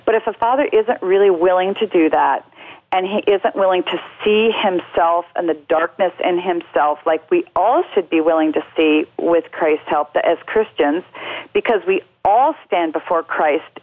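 A woman speaks over a tinny, phone-like line with a low voice. The sound is dry and close, with no room around it. She answers earnestly and reflectively, often pausing on fillers and starting her sentences again. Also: no echo. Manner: reflective, with many fillers and restarts. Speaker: guest speaking on parenting and faith. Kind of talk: earnest radio interview answers. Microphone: telephone.

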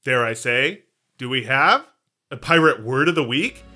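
Playful lively man hosting a podcast. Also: medium pitch, unhurried, soft background music. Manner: playful, jokey, hammy pirate bits. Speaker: podcast co-host. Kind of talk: casual chat.

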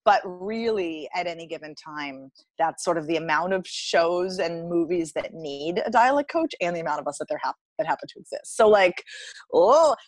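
Chatty American woman explaining, low voice. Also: expressive, normal speed, dry recording, low-quality recording. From United States. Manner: chatty, explanatory, many fillers and restarts. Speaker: dialect coach guest. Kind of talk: conversational podcast interview.

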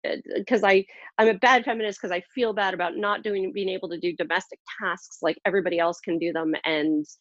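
A woman's voice: medium pitch, steady tone, quick pace, dry recording, lo-fi sound. A woman telling a personal story in casual conversation, rambling and self-deprecating with lots of fillers and restarts.

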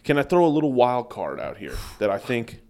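A man's voice: mid-range voice, very animated, fairly quick, creaky, darkish tone. A young man co-hosting a comedy podcast, insistently arguing his point in casual banter. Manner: earnest, insistent debating. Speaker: podcast co-host.

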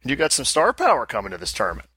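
A man's voice: medium pitch, wildly swooping pitch, racing, pushed and bright, slightly rough, dry recording. A man hosting a casual podcast, upbeat and joking with his co-host and guests.

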